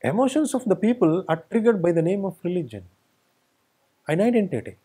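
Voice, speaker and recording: A man's voice: high-pitched, sing-song, a little fast, mellow, breathy edge. A man giving a spiritual discourse, speaking emphatically and building his points through repeated phrases. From India. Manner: emphatic, repetitive lists. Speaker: spiritual teacher. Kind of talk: satsang discourse.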